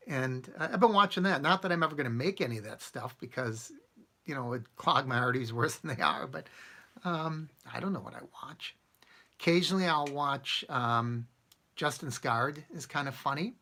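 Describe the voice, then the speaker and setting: A man with a gravelly, bright voice chats with his live-stream viewers in an easy, rambling way. His pitch rises and falls a lot, and he chuckles between thoughts. He answers comments one by one, as they come in. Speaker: channel host answering live chat. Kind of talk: casual live-stream chat.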